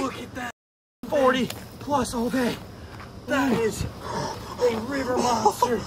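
Excitable man by loud water. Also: extremely high pitch, takes it slowly, long pauses. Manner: excitable, hollering, drawling. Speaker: angler and channel host. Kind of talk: excited outdoor vlog narration. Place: outdoors at a river spillway at night. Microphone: action camera. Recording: noisy outdoor action-camera audio.

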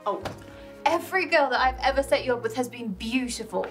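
A pushy young matchmaker in a comedy series, with a somewhat high voice. She sounds defensive and insistent. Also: lively intonation, brisk, soft background music.

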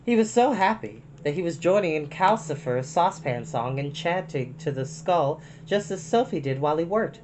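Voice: medium pitch, expressive, normal speed, few pauses, a little mellow, slight background noise, poor audio. A storyteller reading a chapter book aloud, breaking off for chatty, folksy asides to listeners.

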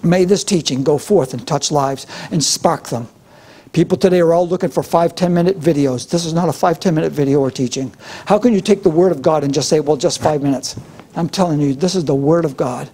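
A man's voice: fairly high pitch, a little fast, mellow, slightly rough. A middle-aged man preaching a sermon as pastor, with a fervent, repetitive preaching cadence.

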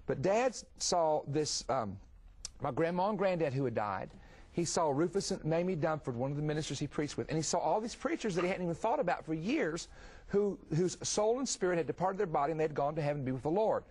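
A middle-aged man hosting a Christian television talk show, telling stories with energy and asking quick follow-up questions. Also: on the high side, lively intonation, darkish tone, breathy edge. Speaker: TV ministry host. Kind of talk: conversational religious TV talk.

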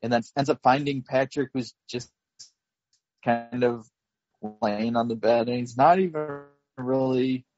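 A man co-hosting a podcast, slowly recapping a film plot in casual chat, with lots of fillers and laughs. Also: medium pitch, steady tone, a little mellow, lo-fi sound, faint music behind. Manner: slow, rambling recap with frequent fillers and laughs. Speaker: podcast co-host.

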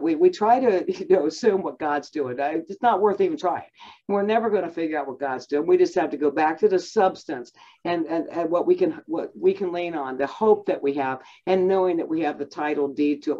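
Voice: mid-range voice, dark tone. Chatty Bible teacher, dull lo-fi sound. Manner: chatty, frequent fillers and self-restarts, occasional laughs.

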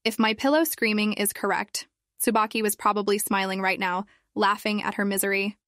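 Woman narrating a fanfic, expressive, mid pitch, close dry mic. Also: a little fast, no echo. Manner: expressive reading. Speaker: fan fiction reader. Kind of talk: reading fan fiction aloud.

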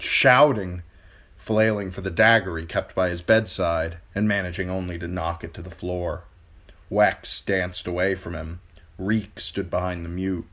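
Deep-voiced man reading a novel slowly. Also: a bit bright. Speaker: audiobook reader. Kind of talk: amateur audiobook narration.

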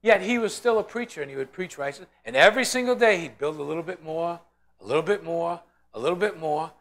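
A man's voice: fairly high pitch, fast talker, gravelly, fairly bright tone. A man teaching a Bible study in an informal sermon style, telling stories animatedly and acting out the voices of the people in them.

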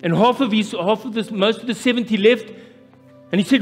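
High-voiced South African preacher. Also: male voice, brisk. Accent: South African, Afrikaans-influenced. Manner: impassioned, repeats phrases, preaching cadence. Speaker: pastor. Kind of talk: live sermon. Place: church hall. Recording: live church hall reverb with music.

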